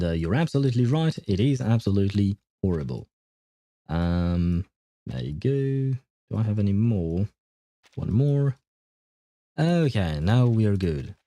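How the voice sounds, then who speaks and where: A male game streamer with a low, very dark and mellow voice, talking casually between moves. He laughs often and fills gaps with hesitant fillers. The sound is close and dry. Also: no echo. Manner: reads and answers chat aloud. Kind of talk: casual live-stream chat while playing.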